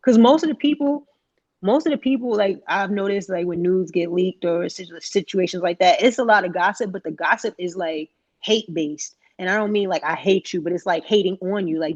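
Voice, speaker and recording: A woman's voice: on the low side, brisk, no echo, muffled recording. A woman co-hosting a casual podcast chat, talking in slangy, profane, rambling bursts. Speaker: podcast co-host.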